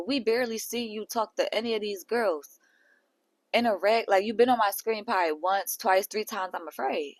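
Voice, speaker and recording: A woman's voice: a little high, pushed and bright, no room sound, low-quality recording. A woman hosting a reality show recap, chatting casually with profane, laughing asides. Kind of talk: casual chat.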